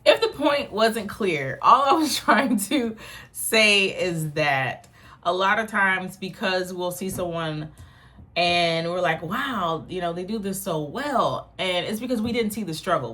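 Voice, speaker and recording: A woman's voice: on the low side, expressive, a little slow, sharp tone. A woman comedian talking casually to her camera at home, rambling and self-mocking with frequent laughs. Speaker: stand-up comedian. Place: home in New York without central air.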